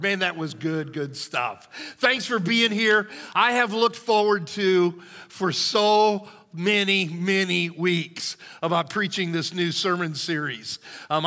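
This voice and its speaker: A male pastor preaching a sermon in a church, folksy and conversational, his voice a bit hoarse. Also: sits high, sharp tone. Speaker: lead pastor. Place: church sanctuary. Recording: long reverb of a church hall.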